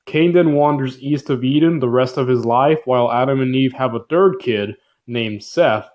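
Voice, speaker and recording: A man's voice: mid-range voice, normal speed, a little mellow. Male narrator, playful comic retelling, slangy, midrange voice. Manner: slangy, jokey, filler-heavy. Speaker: video narrator. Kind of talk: comic casual Bible summary narration.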